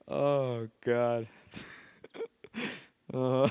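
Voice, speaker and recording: A man's voice: medium pitch, flat delivery, extremely slow, long pauses, a little mellow, clear, resonant tone, no echo. A tired man hosting a casual solo podcast late at night, rambling and often laughing to himself. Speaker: podcast host.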